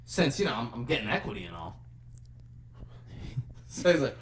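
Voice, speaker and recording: Animated man acting out a movie recap. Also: mid-range voice, normal speed, slight background noise. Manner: animated, acts out characters' lines while retelling scenes. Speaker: podcast co-host. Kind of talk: casual movie recap chat.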